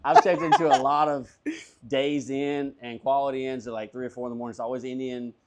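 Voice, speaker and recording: A man's voice: medium pitch, fairly quick, heavy background noise. A man, a comedian guest, telling a long story casually, swearing freely and acting out everyone's lines. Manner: profane, animated, acts out dialogue.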